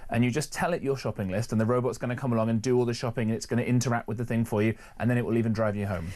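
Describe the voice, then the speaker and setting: Fast-talking man on talk radio. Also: mid-range voice, fairly even intonation, a little mellow. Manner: enthusiastic, rapid, jokey. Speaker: radio co-host.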